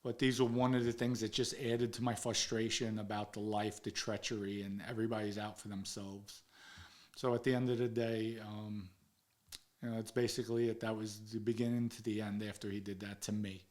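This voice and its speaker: A man recounting a personal story in an interview, blunt and full of swearing. He acts out the heated exchanges and turns low and subdued when the memories get emotional. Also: little pitch movement, a little fast. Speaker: interview guest recounting his past.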